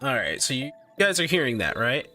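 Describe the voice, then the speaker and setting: A man's voice: medium pitch, big pitch swings, a little fast, pushed and bright, faint music behind. A man streaming live, chatting casually and animatedly with his viewers, laughing often and tripping over his words.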